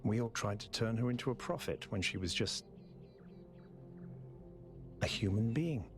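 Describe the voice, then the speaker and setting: Reflective robot mayor, low voice, lively pitch, game music behind. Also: male voice, unhurried. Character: earnest male robot city mayor, thoughtful. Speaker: game character. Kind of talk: video game voice acting.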